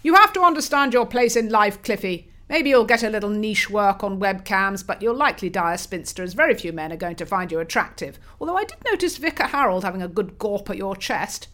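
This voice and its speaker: A woman's voice: mid-range voice, lively intonation, fairly quick, few pauses, a bit bright, close to an everyday voice. A woman voicing a pompous, cruel upper-class father who barks scornful remarks at his daughter. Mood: barking. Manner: barking, snobbish and scornful.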